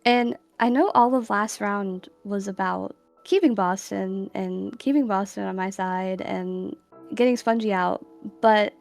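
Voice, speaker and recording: A woman's voice: medium pitch, measured pace, gravelly, faint music behind. A woman giving a casual contestant confessional in a chatty, dramatic storytelling manner.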